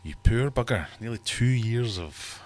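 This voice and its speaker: A man's voice: medium pitch, animated, unhurried, darkish tone. A British man in his thirties hosting a casual livestream from his fish room, rambling and joking as he reads out viewers' comments. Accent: British English. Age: 30s. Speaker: livestream host.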